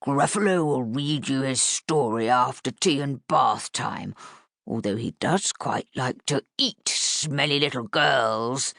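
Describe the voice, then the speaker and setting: A woman voicing a playful father who puts on a slow, growling monster voice for his daughters. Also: extremely low pitch, creaky, fairly bright tone, no echo, clean studio sound, voice pushed down, heavily acted. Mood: growly playful.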